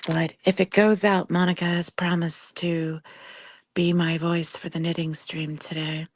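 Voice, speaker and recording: A woman with a hoarse, fading voice, talking softly and often half-whispering during a casual livestream while she paints at her home desk, tearful and grieving. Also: fairly low pitch, flat delivery, measured pace.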